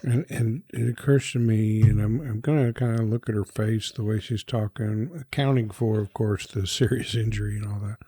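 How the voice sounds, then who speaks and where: A man playing a tabletop horror game in character, deliberate and often clearing his throat. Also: lowish voice, steady tone, mellow, no echo. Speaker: player.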